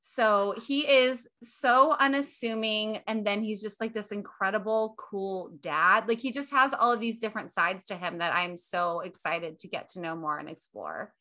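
A woman's voice: mid-range voice, normal speed, hardly any pauses, bright, forceful tone. A young woman hosting a podcast in casual chat, gushing and emphatic and swearing freely. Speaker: podcast host.

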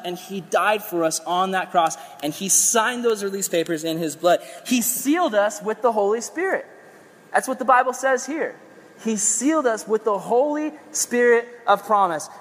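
A man preaching a sermon in an energetic, conversational way with playful asides, his voice a little strained as he is losing it. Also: high voice, normal speed, big-room sound.

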